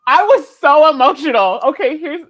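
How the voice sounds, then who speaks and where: Young female host, high, very animated, laughs through her stories. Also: normal speed. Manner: animated, laughing often, emotional storytelling. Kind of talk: casual chat on a live stream.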